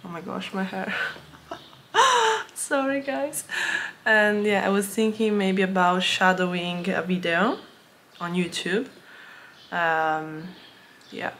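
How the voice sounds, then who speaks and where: A young woman who is not a native English speaker, chatting casually on her vlog, giggling often and filling pauses with ums and restarts. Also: mid-range voice, animated, fairly bright tone, slight background noise. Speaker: language-learning vlogger.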